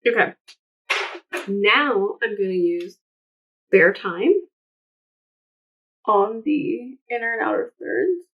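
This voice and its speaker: A woman's voice: medium pitch, lively intonation, slow pace, long pauses. A young woman chatting casually through a makeup tutorial, rambling into side stories with lots of fillers. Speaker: beauty vlogger. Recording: slightly dull lo-fi sound.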